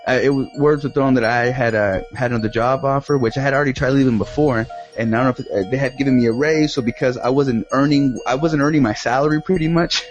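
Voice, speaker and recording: A man's voice: medium pitch, steady tone, fast, hardly any pauses, muffled recording, faint music behind. A man chatting casually, rambling through a profane story and laughing often. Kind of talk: casual chat.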